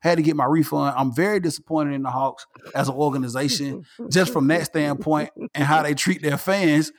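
A man hosting a casual sports podcast, animated and ranting, repeating himself. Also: fairly high pitch, normal speed. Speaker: podcast host.

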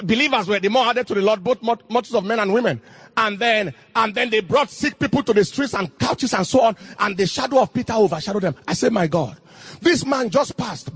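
A middle-aged male preacher with a very high, husky voice and a bright, sharp edge. He preaches with fervor, swinging his pitch widely and breaking into shouted passages in King James cadence. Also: no room sound. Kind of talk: sermon.

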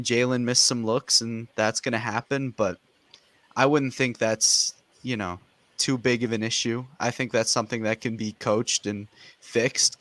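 Measured man, mid voice, dry sound. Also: mid-range voice, fairly bright tone, no room sound. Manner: measured, hedging analysis. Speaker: podcast guest. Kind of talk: casual sports podcast chat.

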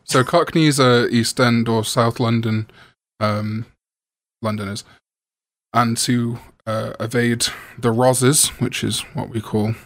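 A man's voice: mid-range voice, a bit bright, no echo, clean studio sound. A man with a Welsh accent, hosting a casual podcast chat and joking with his guests. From Wales. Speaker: podcast host.

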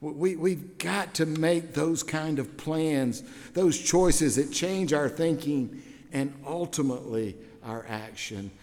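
A middle-aged man preaching a sermon as pastor, telling stories and swinging from hushed prayer to loud exclamations. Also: fairly high pitch, slow pace. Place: church sanctuary. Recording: long hall reverb in a church.

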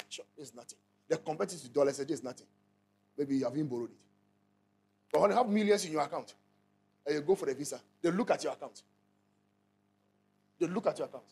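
Speaking with a Ghanaian accent, a male pastor preaches a sermon in a voice that's on the high side, darkish and slightly rough. His style is emphatic and repetitive, with frequent calls out to the congregation and repeated lines in a call-and-response manner.

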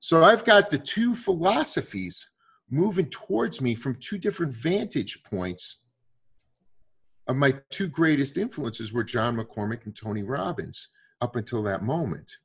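Husky man telling a lively story. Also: medium pitch, measured pace. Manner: animated, jumps into quoted voices of others. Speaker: guest storyteller. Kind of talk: casual conversational storytelling.

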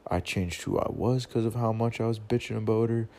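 Gravelly young man ranting with slang. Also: fairly low pitch, fairly even intonation, fairly quick, dark tone. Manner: profane, slangy, rambling. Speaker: storyteller. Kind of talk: casual rant.

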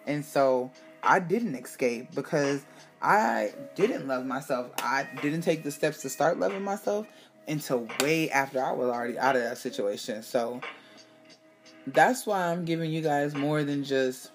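A woman hosting her own show, telling a personal story in a candid, animated way, swearing freely and acting out what people said. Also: low-pitched, measured pace, soft background music. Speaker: podcast host. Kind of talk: casual storytelling monologue.

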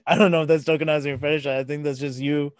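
A laid-back male podcast host with a fairly high voice, talking in loose slang and rambling through his questions. The sound is dry and close, with no room around it. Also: steady tone, a little fast, no echo. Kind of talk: casual podcast chat.

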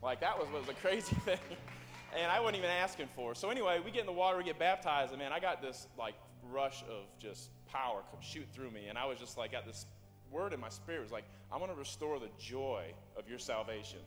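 A man, giving an excitable, rambling church testimony full of fillers and restarts. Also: medium pitch, quick pace. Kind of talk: personal testimony. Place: church sanctuary. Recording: reverberant church hall with music.

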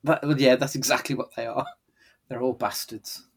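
A man co-hosting a casual film review chat, sweary and animated. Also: medium pitch, moderate pace, breathy edge. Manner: sweary, animated, laughing often. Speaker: podcast co-host.

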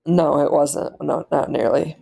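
A woman's voice: deep voice, fairly even intonation, a little slow, gravelly, warm tone. A woman co-hosting a podcast in casual chat, retelling scenes in a rambling, loosely strung way. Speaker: podcast co-host. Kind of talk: casual chat reviewing a TV episode.

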